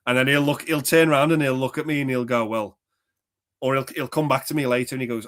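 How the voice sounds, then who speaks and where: A man's voice: mid-range voice, steady tone, fast, fairly bright tone. Rambling man chatting about films. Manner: rambling, quotes film lines, laughs often. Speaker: podcast co-host. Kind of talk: casual film chat.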